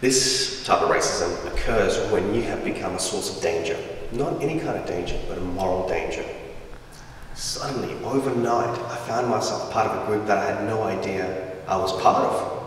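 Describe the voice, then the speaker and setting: A young man from Afghanistan speaks as a guest in a large school hall before an audience, telling stories in a lively, humorous way and acting out the voices of people in them. His voice sits on the low side at normal speed, picked up by a distant microphone in a roomy, echoey hall with a little hiss or hum.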